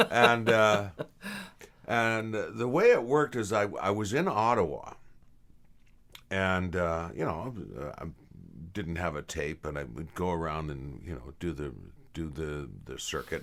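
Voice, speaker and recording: A middle-aged man from England who now speaks with a Canadian accent, trading stories in a relaxed interview. His voice sits low but swings widely in pitch, and his tone is bright and forward. He slips into other voices whenever he quotes someone. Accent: Canadian English. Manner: animated, acts out quoted voices. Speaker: voice actor guest. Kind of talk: casual interview storytelling.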